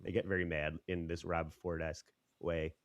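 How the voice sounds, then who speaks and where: A man's voice: low voice, flat delivery, moderate pace, very noisy. A man co-hosting a podcast in casual chat, joking and laughing often as he talks. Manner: laughs often, swears, loose and jokey. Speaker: podcast co-host.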